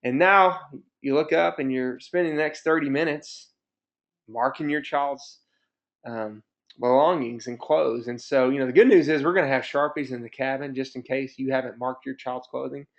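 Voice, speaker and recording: A man's voice: mid-range voice, moderate pace, creaky. A man in his thirties, a camp staff director hosting a parent webinar, telling stories in an upbeat, chatty way. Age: 30s. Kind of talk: presenting a webinar with personal stories. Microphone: computer mic on a webinar. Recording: dull lo-fi webinar audio.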